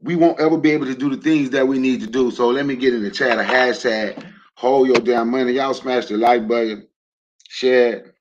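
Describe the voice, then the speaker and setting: A man's voice: medium pitch, fairly even intonation, fairly quick, lo-fi sound, slight background noise. A man hosting a casual livestream. He talks loosely to his audience, throws in jokes and questions, and rallies his listeners with emphatic repeated lines. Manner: emphatic, rallying. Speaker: livestream host. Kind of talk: casual livestream talk to a chat.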